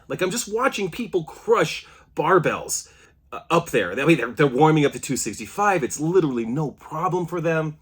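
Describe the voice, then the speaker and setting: A man in his thirties telling a story to camera in a casual, animated way, often restarting his sentences. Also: fairly high pitch, moderate pace, husky. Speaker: CrossFit athlete vlogger.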